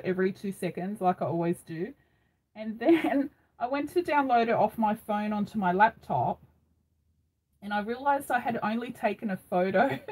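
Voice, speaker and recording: A woman's voice: mid-range voice, a little mellow, poor audio. A middle-aged Australian woman hosting a craft live stream, chatting casually and rambling with frequent ums, recorded on a phone. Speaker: craft channel host.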